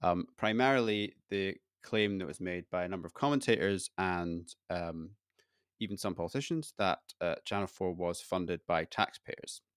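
Male podcast host, low-ish voice, dry close mic, easygoing banter. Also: moderate pace, smooth, no echo. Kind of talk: casual podcast chat.

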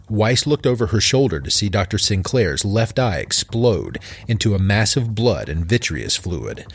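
A man narrating a dark horror story in a measured, deliberate way. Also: sits low, breathy edge.

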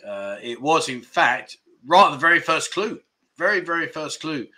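A man's voice: a little high, expressive, measured pace, sharp tone. A man hosting a casual livestream, chatting and joking as he reads out viewer comments, often laughing at his own jokes. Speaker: livestream host.

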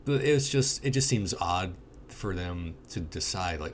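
A man's voice: sits low, animated, normal speed, a little hiss or hum. A young man rambling casually and swearing now and then while reviewing a movie with a friend.

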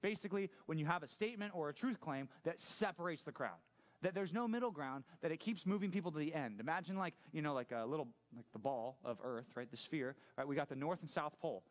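Chatty youth pastor with a higher voice. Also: male voice, fast talker. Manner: conversational, asks the listeners questions often. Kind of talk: sermon to a youth audience.

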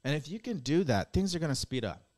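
Quick-paced and on the high side, with a darkish tone and big pitch swings, a man hosts his podcast. He gives a blunt, preachy motivational monologue, swearing casually and challenging listeners with rhetorical question after rhetorical question.

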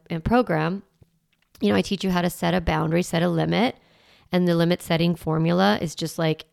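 A woman in her forties hosts a solo parenting podcast, coaching and encouraging listeners in a casual, chatty style packed with fillers. She laughs easily, and her voice is gravelly and on the low side.

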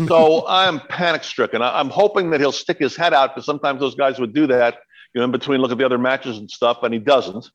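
Middle-aged man, podcast guest, lively storytelling, acts out voices, mid-pitched. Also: brisk, rough recording. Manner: animated storyteller, acts out quotes. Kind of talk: storytelling in casual chat.

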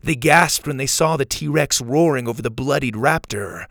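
Gravelly man narrating a kids' story. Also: mid-range voice, moderate pace, a bit bright, dry recording, studio quality. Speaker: storyteller and podcast host.

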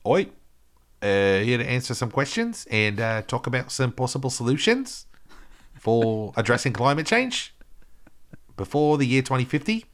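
A man's voice: big pitch swings, normal speed. A man doing a pompous fake New Zealand presenter. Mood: mock-serious. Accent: put-on New Zealand. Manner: high-pitched mock presenter, loud. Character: pompous male New Zealand scientist pretending Australian.

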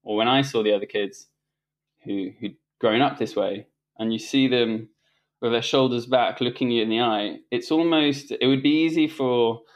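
A man's voice: mid-range voice, normal speed. A middle-aged man, a guest on a talk show, telling a personal story in a loose, conversational way with many restarts and fillers. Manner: rambling, frequent restarts and fillers, laughs while telling stories. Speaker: interview guest.

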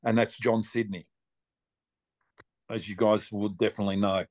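A man's voice: lowish voice, level tone, moderate pace, a little mellow, no room sound. An Australian man telling rambling, chatty stories as a guest on an interview, with mild swearing and lots of restarts. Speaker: race car driver guest. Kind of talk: casual storytelling interview.

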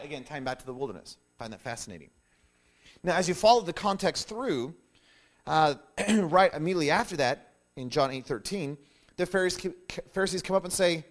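A middle-aged man preaching a sermon, animated, with frequent restarts and "hey" asides as he explains scripture. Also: on the high side, brisk. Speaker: pastor.

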